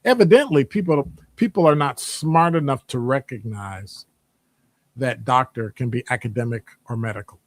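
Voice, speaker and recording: A man talking casually in a rambling monologue, animated and digressive, jumping into high voices when quoting people. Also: moderate pace, no echo. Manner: conversational, digressive. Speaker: podcast host; academic department member.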